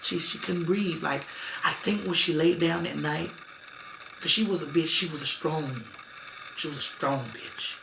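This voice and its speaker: A woman's voice: deep voice, unhurried, gravelly, bright, forceful tone, a little hiss or hum. A woman guest in an interview telling a painful family story, emotional and emphatic, often repeating herself and acting out what relatives said. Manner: emotional, repetitive, emphatic, acts out quoted relatives. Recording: echoey room.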